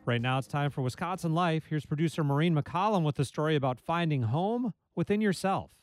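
A man hosting public radio news in a brisk announcer delivery. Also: a little high, soft background music.

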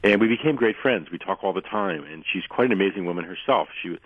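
A man guest on a radio show telling long anecdotes in a rambling way, losing his voice and clearing his throat often. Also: low voice, animated, quick pace, no echo. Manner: rambling anecdotal storyteller, frequent restarts. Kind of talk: radio interview, storytelling. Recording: dry narrow phone-line sound.

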